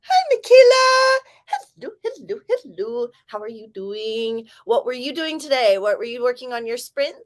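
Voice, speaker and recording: Hosting a writing livestream, a young California woman whose accent drifts Southern chats casually with viewers, greeting them with sudden excited calls. Her voice is a little high.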